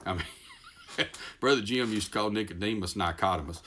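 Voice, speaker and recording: A man with a deep, low-pitched voice and a Texas accent delivers a sermon in a folksy, rambling way. He pokes fun at himself and circles back to his point with plenty of ums and restarts. He sounds middle-aged. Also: very fast, fairly bright tone, slight background noise. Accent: Texan. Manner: folksy, self-deprecating, rambling with many fillers and restarts. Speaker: pastor.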